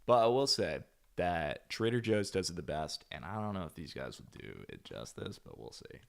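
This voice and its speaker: A man's voice: deep voice, big pitch swings, normal speed, creaky. A man streaming, chatting casually and bluntly as he reacts to videos, rambling with fillers.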